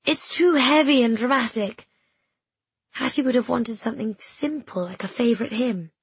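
A woman voicing a kindly, fussy middle-aged village choirwoman who speaks gently but turns decisive, in an audiobook. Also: fairly high pitch, normal speed, breathy edge, dry recording. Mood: fretful. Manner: gentle, hesitant, then decisive. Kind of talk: audiobook character voice.

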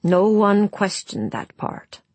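A woman voicing a gruff elderly village man who talks bluntly and slowly around his pipe. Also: mid-range voice, big pitch swings, darkish tone, no room sound, voice pushed up, heavily acted. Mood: bitter. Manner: blunt, clipped, grumbling.

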